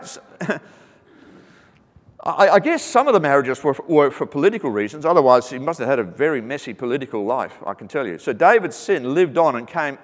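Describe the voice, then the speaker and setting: A man preaching a sermon, earnest and teaching, with joking asides that lighten the message. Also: fairly high pitch. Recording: reverberant hall.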